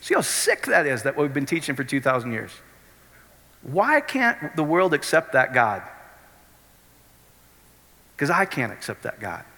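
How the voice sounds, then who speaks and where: A middle-aged man preaching a sermon, animated and often checking whether his listeners follow. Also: mid-range voice, unhurried, gravelly, pauses often. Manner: animated, keeps asking the crowd if it makes sense. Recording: long hall reverb.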